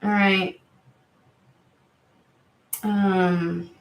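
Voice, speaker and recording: A woman's voice: mid-range voice, flat delivery, very slow. A woman hosting a tarot livestream, talking casually, swearing freely and reacting to viewer comments. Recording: roomy echo.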